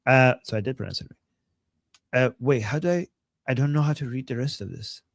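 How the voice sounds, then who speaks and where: A man's voice: mid-range voice, moderate pace, gravelly, dry recording. A young man co-hosting a live stream, talking in a casual, rambling way with many restarts, whose first language is Persian. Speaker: co-host. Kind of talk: casual livestream chat.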